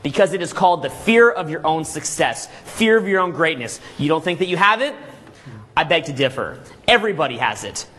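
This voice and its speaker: A man giving a live seminar lecture to a room of people, energetic and full of rhetorical questions and "okay?" checks, acting out scenes as he tells them. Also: fairly high pitch, fairly quick, breathy edge. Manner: acts out scenes with vivid storytelling. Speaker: seminar speaker.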